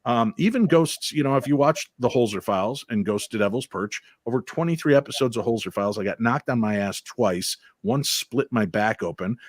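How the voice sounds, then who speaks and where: Guy telling ghost hunt stories on a talk show, animated, acts out voices, dry mic. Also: medium pitch, a little fast, few pauses, no echo. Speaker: paranormal investigator guest. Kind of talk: casual chat.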